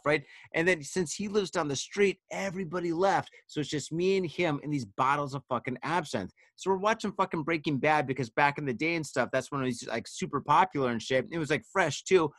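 Slightly fast and a bit bright, this man's voice is on the high side and recorded dry. As host of a casual podcast chat, he's had some wine and tells meandering, cuss-filled stories, repeatedly saying "dude" and "man."

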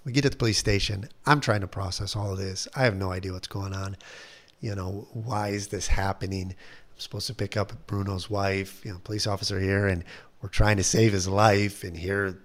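A man, a missionary, telling a personal story in a lively way, acting out what others said and laughing at himself. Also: low-pitched, moderate pace. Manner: animated retelling, acts out quoted voices, laughs at himself.

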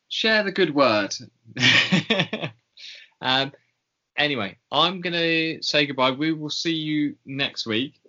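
A man's voice: mid-range voice, bright, forceful tone. A man hosting a podcast, rambling through a casual sign-off with plenty of fillers and self-mocking asides, on a dull lo-fi call line. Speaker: podcast host.

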